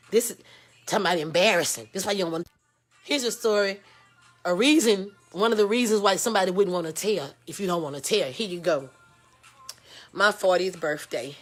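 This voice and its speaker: A Texas woman, candidly telling a personal story, frank and profane, swinging from loud outbursts to hushed lows. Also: moderate pace, pauses often, soft background music. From Houston, Texas. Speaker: host.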